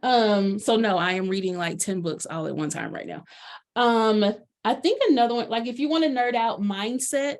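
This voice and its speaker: A woman's voice: mid-range voice, normal speed. A woman coach talking casually about books in a presentation, bubbly and full of fillers. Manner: chatty, bubbly, lots of fillers.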